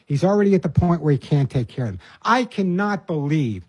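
A man's voice: on the high side, sing-song, fairly quick, breathy edge, dry recording. An older man hosting a call-in radio show about pets, giving earnest, folksy advice and often repeating words as he starts a phrase. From New York. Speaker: radio pet advice host.

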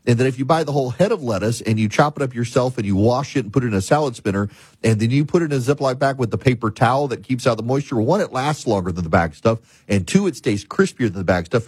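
A man's voice: medium pitch, a little mellow, slightly rough, no room sound. A man hosting a talk show monologue, telling stories and explaining things in an emphatic way.

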